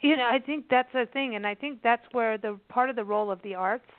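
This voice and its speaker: A woman's voice: on the high side, fast talker, no room sound. A woman radio host in a conversational interview, enthusiastic and rambling, often restarting her sentences. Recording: tinny phone-line sound.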